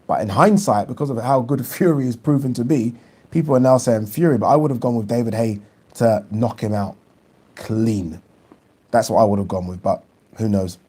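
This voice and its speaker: Hosting a boxing channel's live stream, this man reads out viewer questions in an easygoing, conversational way. His voice is medium in pitch, warm and mellow with a slight roughness, and he's opinionated and gabby, often hesitating with "um" or doubling a word before getting to the point.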